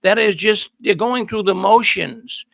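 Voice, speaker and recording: Folksy middle-aged host, high and bright, gravelly edge, dry close mic, stresses every point. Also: male voice, unhurried, dry recording. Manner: folksy, emphatic, repeats words for stress. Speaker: call-in show host. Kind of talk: energetic monologue to viewers. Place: studio.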